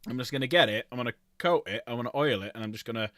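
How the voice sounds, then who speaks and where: A man in the middle of his pitch range talks casually on a livestream, running through long lists and stopping often to correct himself. The sound is dry and close, with almost no room around his voice. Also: very fast, fairly bright tone, no echo. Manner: rambling, self-correcting, lists items aloud. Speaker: streamer.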